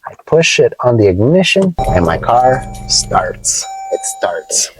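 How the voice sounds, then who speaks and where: A man teaching English vocabulary from inside his car, playful and explaining slowly with examples. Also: medium pitch, very animated, noisy background. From United States. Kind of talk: casual teaching vlog.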